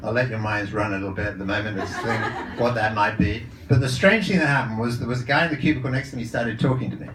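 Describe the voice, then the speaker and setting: Here the psychologist and coach talks fast with hardly any pauses in a lowish voice, sharing stories casually and frequently starting over. He uses a handheld or lapel mic in an event room before a live audience, and the sound is reverberant, distant and noisy.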